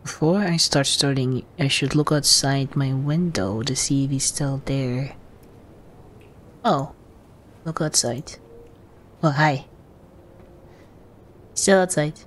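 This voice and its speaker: A woman with a low, deep-set voice plays through small horror games, reading the prompts aloud and reacting quietly. She talks slowly and softly, now and then jumping up in a startled yelp. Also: slight background noise. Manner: slow, soft, low-key reactions with sudden startled jumps. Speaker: gaming channel host. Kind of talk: let's play commentary, reading game text aloud.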